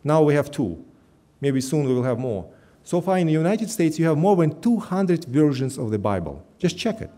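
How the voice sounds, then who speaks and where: A middle-aged pastor from Russia preaches a sermon, his voice swinging up and down with lively energy. It's dark and mellow in tone, a little high, and he earnestly leans on slow, stressed phrases.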